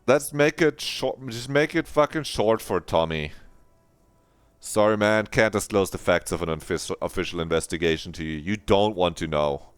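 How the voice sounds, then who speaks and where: A man's voice: sits low, normal speed, clean tone, no room sound, faint music behind. A man streaming a video game, chatting playfully in a rambling, mock-dramatic way and swearing now and then. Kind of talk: casual live-stream commentary.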